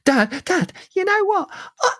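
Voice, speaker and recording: High, whiny Leicester kid begging his dad, squeaky, big pitch swings, close and dry. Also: big pitch swings, a little slow, a bit bright, heavily acted. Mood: eager pleading. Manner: whiny, repeating pleas.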